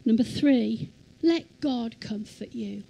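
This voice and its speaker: A woman preaches a sermon in a church, her voice mellow and fairly high. She reads scripture very slowly, stressing each phrase, and invites the listeners to say the lines back with her. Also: vocal fry, husky, rough recording. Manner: slow, emphatic scripture reading, leads congregation in repeating. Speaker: church teacher. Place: church hall.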